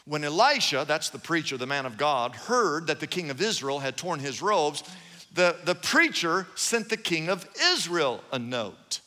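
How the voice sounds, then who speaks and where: A high-pitched, bright-toned male preacher delivering an animated sermon. He retells Bible stories with lively repetition, and his voice rings out in a large hall with a long, lingering echo. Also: normal speed. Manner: animated storytelling, acting out Bible characters with repeated phrases. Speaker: pastor.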